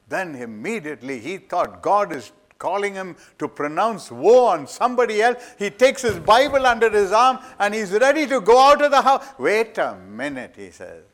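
Man, preacher, sermon, dramatic storyteller, loud-to-hushed swings, high-pitched, unhurried delivery.

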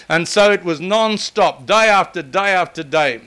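Older man, sermon, high bright voice, smooth and clear, emphatic. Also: normal speed, few pauses. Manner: emphatic, building to forceful repetition. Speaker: preacher.

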